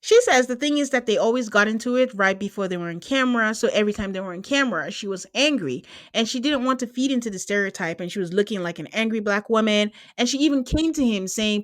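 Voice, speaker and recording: A woman hosting a podcast, recapping a reality show in casual, animated chat, laughing and mimicking people as she quotes them. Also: mid-range voice, quick pace, few pauses, dry recording. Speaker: podcast host.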